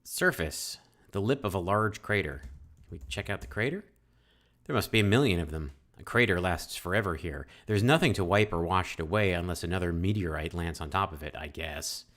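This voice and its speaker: A man with a very low voice talks his way through a text adventure. He reads the game text aloud and thinks out loud in a chatty way, with lots of fillers and restarts. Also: brisk. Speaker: let's-play host. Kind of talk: casual game playthrough, reading text aloud.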